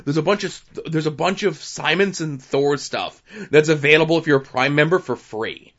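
A man's voice: on the high side, moderate pace, fairly bright tone. Man, podcast co-host, casual rambling talk, lots of uhs, dull lo-fi sound. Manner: rambling with many fillers. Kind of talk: casual chat.

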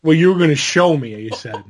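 A man's voice: a little high, lively intonation, brisk, slight background noise. A man reacting in casual podcast chat, laughing easily and chiming in.

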